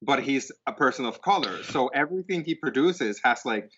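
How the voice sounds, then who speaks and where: A man's voice: mid-range voice, lively intonation, moderate pace, a bit bright, a little hiss or hum. Give me a blunt, argumentative man. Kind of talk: casual chat. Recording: muffled lo-fi audio.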